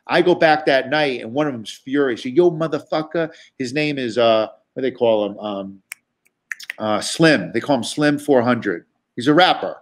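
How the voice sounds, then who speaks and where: Speaking at normal speed in a mid-range voice, a New York comedian appearing as a guest swaps casual tales from the road. He's chatty and foul-mouthed, often restarting sentences and leaning on filler words.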